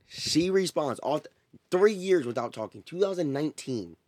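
A man's voice: medium pitch, moderate pace, no room sound. Laughing young man telling a story. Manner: animated storytelling, laughing often. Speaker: podcast host. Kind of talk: casual chat.

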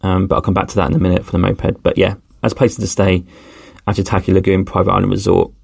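Low gravelly man, rambling. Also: completely flat delivery, fast, no room sound, clean studio sound. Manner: rambling, with many fillers and restarts. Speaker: podcast host. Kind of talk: casual travel storytelling.

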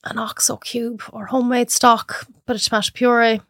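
A woman with an Irish accent, a cook chatting as a podcast guest, telling animated stories and acting out other people's voices. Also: on the high side, moderate pace, no echo, studio quality. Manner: animated storyteller who acts out voices. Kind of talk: casual chat.

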